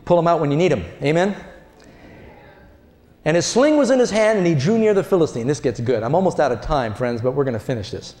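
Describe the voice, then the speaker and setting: A male preacher giving an animated sermon, telling the story with acted-out voices and questions to the congregation. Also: on the high side, a little fast. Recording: echoey hall.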